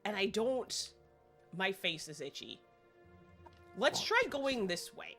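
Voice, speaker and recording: A woman's voice: mid-range voice, big pitch swings, slow, fairly bright tone. A woman live-streaming a game in casual chat, rambling along and laughing often. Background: faint game music.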